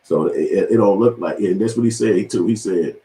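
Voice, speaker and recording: A man rattles off a casual, profane commentary at a quick clip, his voice sitting on the low side. He is hosting his own channel and tells stories with animation, acting out the people he quotes. The sound is roomy and echoey. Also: dark tone. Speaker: channel host.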